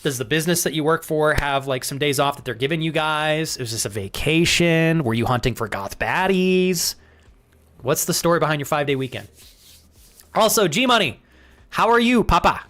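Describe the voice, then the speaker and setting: A young man streaming a game live, chatting casually with viewers, thanking them by name, swearing freely, and jumping high in pitch when he gets excited. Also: brisk.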